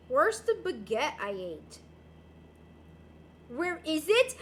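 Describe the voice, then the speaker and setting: A woman's voice: high voice, very animated, takes it slowly, pauses often, slight background noise. A young woman chatting casually on a livestream, answering viewer messages in a bubbly, giggly, playful way. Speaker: streamer. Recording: roomy echo.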